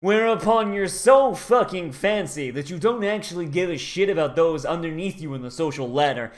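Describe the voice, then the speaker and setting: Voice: medium pitch, animated, moderate pace, close to an everyday voice. A streamer putting on a haughty, posh aristocrat who looks down on everyone, in a snooty, mocking manner.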